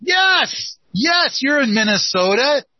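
A man's voice: very high voice, big pitch swings, slow, dry recording, muffled recording. A man hosting a casual call-in chat, speaking in a playful, teasing way. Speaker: host.

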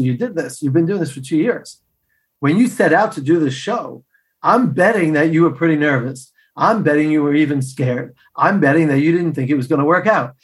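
A middle-aged man, a podcast guest, telling personal stories in an animated way and acting out the dialogue. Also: on the high side. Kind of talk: storytelling interview answers.

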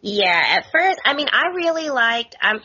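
A woman's voice: high-pitched, sing-song, moderate pace, bright, forceful tone, breathy edge, dull audio. A woman guest co-host on a podcast, chatting casually in a skeptical, questioning way. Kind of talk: casual recap chat.

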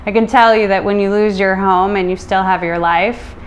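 A woman's voice: mid-range voice, steady tone, moderate pace, a little hiss or hum. A middle-aged American woman telling a personal story, emotional and full of reported dialogue. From United States. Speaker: guest.

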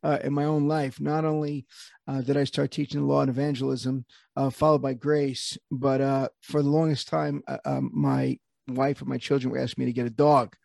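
A man's voice: medium pitch, moderate pace, gravelly, darkish tone, dry recording, studio quality. A man hosting a podcast interview, speaking hesitantly with many fillers and frequent laughter. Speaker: podcast host, PE teacher. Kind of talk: conversational interview.

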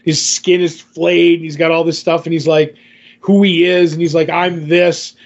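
A man's voice: fairly high pitch, little pitch movement, normal speed, lo-fi sound. A man co-hosting a podcast, recapping a comic in casual chat, rambling with lots of fillers and restarts. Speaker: podcast co-host.

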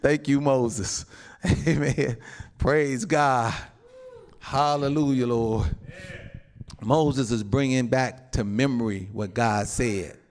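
A male pastor preaching a sermon, animated, often calling out to the congregation and breaking into shouts and laughs. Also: mid-range voice, takes it slowly. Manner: calls out to the congregation.

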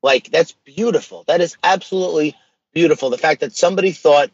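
A man with a husky, slightly breathy voice tells his stories with earnest energy and casual slang. The sound is dry and close, a bit dull and lo-fi. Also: fairly high pitch, fast talker, dry recording. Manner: earnest, animated storytelling with slang. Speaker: guest. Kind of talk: casual podcast conversation.

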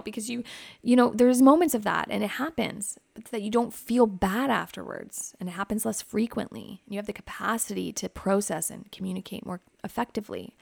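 Therapist lady hosting a podcast, asks lots of questions, gravelly voice, dry sound. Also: medium pitch, normal speed, a little mellow, no echo. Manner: reflective, asks many questions. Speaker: psychotherapist podcast host. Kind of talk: gentle guidance to listeners.

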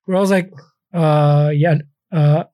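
A man's voice: on the high side, steady tone, unhurried, dark tone, dry recording, clean studio sound. A man on a podcast, teasing and joking, mixing English and Spanish. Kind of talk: casual podcast chat.

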